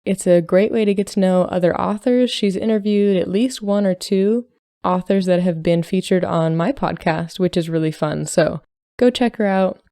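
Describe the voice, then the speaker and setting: A woman hosting a podcast who reads a short story aloud in calm, measured scripted narration. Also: lowish voice, no echo, clean studio sound. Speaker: podcast host and story reader.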